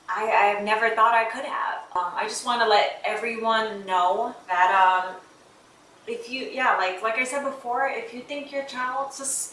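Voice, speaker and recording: Chatty mom vlogger in an echoey room. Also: female voice, mid-range voice, pushed and bright, recorded from a distance. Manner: heartfelt, chatty, many fillers like "like" and "um". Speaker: vlogger, mother of an autistic son. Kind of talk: casual talk to camera. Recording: echoey room, voice a bit off-mic, faint noise.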